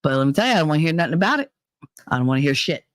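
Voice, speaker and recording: Talking very fast in a low-pitched voice full of big pitch swings, a woman running a casual livestream chat lets loose, swearing constantly. She sounds heated and blunt, and there's no echo.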